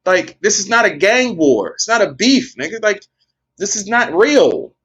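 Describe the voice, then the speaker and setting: Male podcast co-host, high lively voice, blunt profane rant, dull lo-fi audio. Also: unhurried, breathy edge. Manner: blunt, profane, exasperated ranting. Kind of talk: casual ranting chat.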